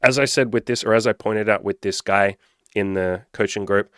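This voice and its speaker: A man speaks in a fairly low voice, delivering dating coaching as a blunt, profanity-laced monologue. He hammers his points with emphatic rhetorical questions. The sound is dry and close, with no room around it. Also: moderate pace, fairly bright tone, clear, resonant tone, no echo. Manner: blunt, heavy swearing. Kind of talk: casual monologue to camera.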